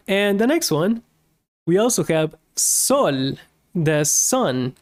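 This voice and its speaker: Female teacher, unhurried and patient, lively rising and falling delivery. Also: on the low side. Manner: slow, patient, repeats each word several times. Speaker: Spanish teacher. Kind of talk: language lesson, slow repetition drills.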